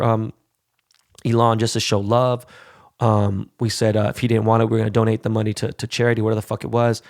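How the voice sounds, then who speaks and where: A man hosting a podcast, ranting in a casual, heated and profane way with quick asides. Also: lowish voice, gravelly, darkish tone, no room sound, studio quality. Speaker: podcast host.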